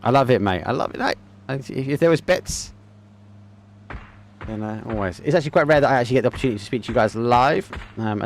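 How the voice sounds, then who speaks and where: Gravelly Essex man casting esports. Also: a little high, a little hiss or hum. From England. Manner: chatty, casual, friendly. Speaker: esports caster. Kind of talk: live game commentary with chat.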